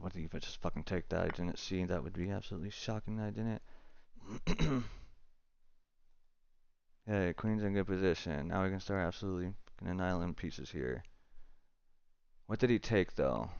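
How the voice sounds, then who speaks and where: A man's voice: lowish voice, a bit bright, no room sound, lo-fi sound. A man streaming a chess game live, muttering to himself and swearing in frustration as he plays. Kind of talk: live gaming commentary.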